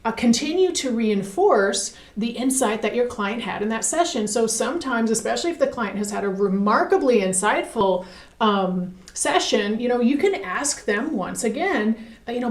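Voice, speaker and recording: A woman's voice: a little high, animated, normal speed. A woman co-hosting an instructional podcast chat as a hypnotist, upbeat and conversational, turning to her partner for input. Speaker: hypnotist co-host. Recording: echoey room.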